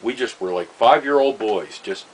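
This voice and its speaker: A man, telling a personal story in a rambling, halting way, full of fillers and wry chuckles. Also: medium pitch, animated, slight background noise, low-quality recording. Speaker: vlogger. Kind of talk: casual storytelling monologue.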